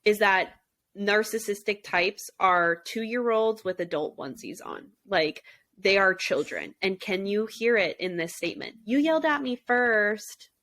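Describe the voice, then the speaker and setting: A woman's voice: medium pitch, measured pace, fairly bright tone. A young adult woman co-hosting a podcast, talking casually and emphatically, swearing and acting out quotes. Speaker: podcast co-host. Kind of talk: casual chat.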